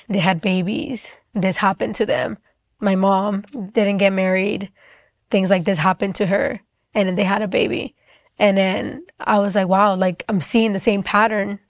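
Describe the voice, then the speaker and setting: A woman's voice: medium pitch, dry recording. A young woman giving a personal faith testimony, talking casually with many fillers and quoting herself as she retells painful memories.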